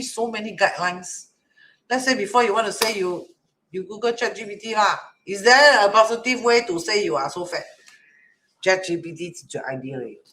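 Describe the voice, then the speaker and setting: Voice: medium pitch, pushed and bright. A Chinese metaphysics teacher talking casually to an online class, speaking colloquial English with "lah" and "lor" and often asking "correct?". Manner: chatty, asks rhetorical "correct?" often.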